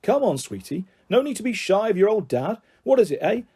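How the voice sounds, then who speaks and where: A man's voice: high-pitched, big pitch swings, a little fast, warm tone, slightly rough, pitched above the performer's own voice, heavily acted. A man voicing a bullying middle-aged father who coaxes and sneers in a taunting, menacing way. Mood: coaxing. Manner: taunting, mock-jovial then harsh.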